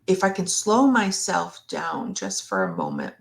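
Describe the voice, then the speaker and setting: A woman therapist in a live Q&A, speaking slowly and reflectively, sometimes acting out what a partner might say. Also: sits low, huge pitch swings, gravelly. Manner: slow, reflective, acts out partner's words. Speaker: relationship therapist. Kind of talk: live Q&A discussion.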